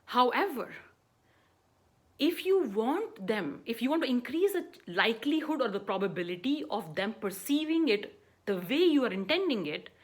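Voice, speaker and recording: A woman life coach gives an earnest motivational talk, often checking in with "right?" and "you know" and sometimes restarting mid-phrase. Her voice is fairly high-pitched and husky.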